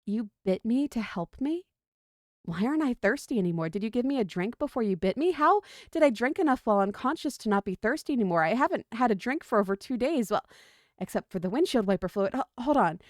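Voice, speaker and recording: Casting: woman doing a confused, parched man, stammering, higher than her narration. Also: lively intonation, brisk, no echo, clean studio sound, close to an everyday voice. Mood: bewildered. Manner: hesitant and stammering. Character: thirsty, bewildered man lost in the desert.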